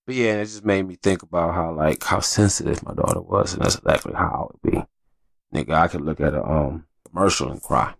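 A man's voice: sits low, a little fast, vocal fry, no echo. A man hosting a casual solo podcast, talking candidly and with plenty of swearing as he rambles through stories. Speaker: podcast host.

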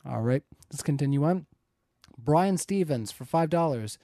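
Guy moderating a debate livestream, kinda high mellow voice, reads chat comments with little laughs, dry close mic. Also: expressive, measured pace, no room sound. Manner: amiable, chuckling, reads paid comments aloud. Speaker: debate moderator reading super chats. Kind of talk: casual live-stream moderation. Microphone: close studio mic, leans in.

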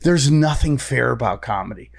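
Animated, swearing comedian. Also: male voice, medium pitch, normal speed, creaky. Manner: animated storytelling, frequent swearing. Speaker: guest comedian. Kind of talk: casual podcast chat.

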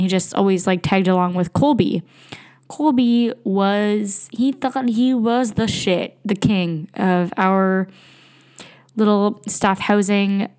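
A woman's voice: medium pitch, darkish tone. A young woman hosting a podcast, telling a rambling, casual story, swearing freely and laughing often. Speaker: podcast host.

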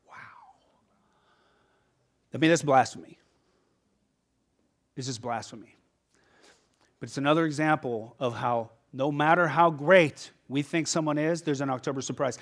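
A man's voice: a little high, unhurried, long pauses, a bit bright. A man preaching a sermon as pastor, conversational and emphatic, often checking in with the listeners.

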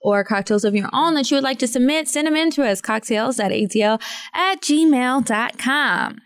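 A woman's voice: sits high, animated, moderate pace. A young adult woman co-hosting a podcast, telling candid, self-deprecating stories in casual chat. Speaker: podcast co-host.

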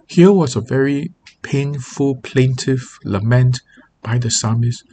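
Man, pastor, earnest devotional teaching, mid-pitched voice, faint background rumble. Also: measured pace, darkish tone. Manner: earnest, reads scripture aloud with feeling.

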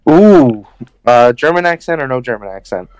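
A man's voice: mid-range voice, animated, moderate pace, darkish tone, smooth, no echo. A man co-hosting a casual chat, laid-back and rambling. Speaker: podcast co-host.

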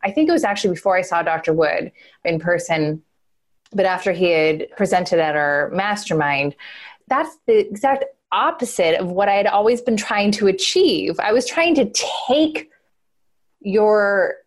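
A woman's voice: mid-range voice, expressive, moderate pace. A woman talking casually and earnestly on a podcast about her own experience, full of "like" and filler. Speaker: guest, host's wife.

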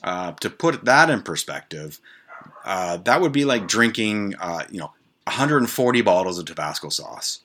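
A man's voice: fairly low pitch, sing-song, normal speed, sharp tone, a little hiss or hum. A man hosting his own show, telling a personal story in a casual, rambling way full of swearing and side notes. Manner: profane, rambling asides. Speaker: podcast host.

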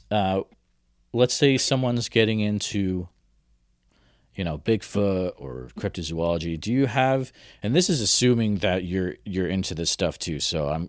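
A man's voice: sits low, dry recording, studio quality. A man interviewing a guest on the radio in a loose, friendly way, with lots of fillers and restarts.

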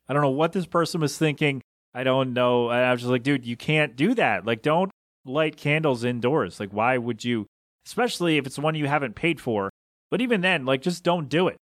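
A man's voice: mid-range voice, fairly bright tone, no echo, clean studio sound. Exasperated man hosting a solo podcast. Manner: exasperated, incredulous rambling. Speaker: podcast host. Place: small windowless room. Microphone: home podcast mixer setup.

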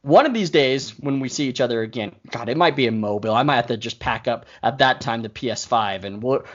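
A man in a casual chat, teasing a friend and telling stories in an animated way. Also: medium pitch, a little fast. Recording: dull lo-fi audio.

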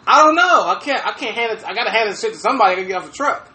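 A man with a very high, bright voice tells stories in a loose, profane, animated way. His pitch swings a lot as he talks. The room gives him a noticeable echo. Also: fast. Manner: animated, profane, laughing storyteller. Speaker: podcast host. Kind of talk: casual chat, storytelling. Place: room with fireplace.

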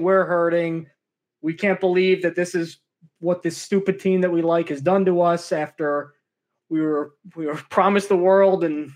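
A man co-hosting a casual sports podcast who drops dry, sarcastic quips. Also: high-pitched. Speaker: podcast co-host.

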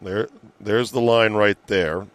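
A man's voice: lowish voice, steady tone, slow pace, a bit bright, dry recording. A man hosting a casual sports podcast, joking around and swearing now and then. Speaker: podcast host.

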